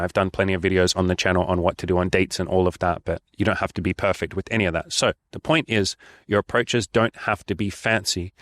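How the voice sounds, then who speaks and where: A man's voice: fairly low pitch, a bit bright, no echo. A young man giving frank dating advice in a casual vlog. He is blunt, swears freely and acts out bits of dialogue. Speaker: dating coach.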